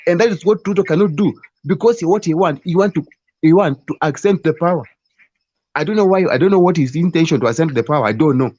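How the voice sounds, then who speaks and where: A Kenyan man argues with fervor, stumbling over repeated words as he presses his point. His voice sits a little high and sounds husky. The call audio is dull and lo-fi, and it sounds dry. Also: a little mellow, dry recording. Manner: passionate, repeats and restarts words often. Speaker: debate participant. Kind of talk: political debate speech.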